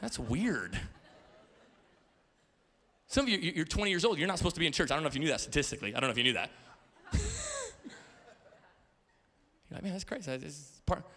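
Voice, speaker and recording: His voice a little high and racing along, a pastor in his thirties tells stories in a sermon at a church auditorium. The delivery is animated, with playful asides and stammered repeats.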